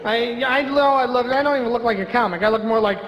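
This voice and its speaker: Brash, profane high-voiced man on stage. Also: fast talker, lo-fi sound, slight background noise. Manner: brash, profane, mock-outraged. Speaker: stand-up comedian. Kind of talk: stand-up comedy set. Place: comedy club stage before a live audience. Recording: reverberant club with audible ambience.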